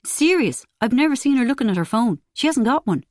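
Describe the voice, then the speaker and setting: A woman's voice: on the high side, very animated, brisk, darkish tone, dry recording, pitched above the performer's own voice. A wry, sardonic teenage boy, as a woman narrator puts him on in an audiobook. He speaks dryly and is easily embarrassed by his family. The reading is dry and close.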